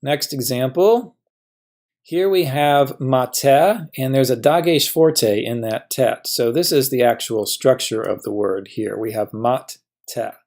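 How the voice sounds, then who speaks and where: Male teacher, mid-pitched, patient lecture voice that poses and answers its own questions. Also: measured pace, a little mellow. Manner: patient, asks questions and answers them himself. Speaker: Hebrew teacher. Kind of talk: classroom grammar lesson.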